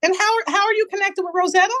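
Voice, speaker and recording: A woman joining a video call from her phone, eagerly asking quick questions. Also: very high voice, steady tone, sharp tone. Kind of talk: casual conversation on a video call.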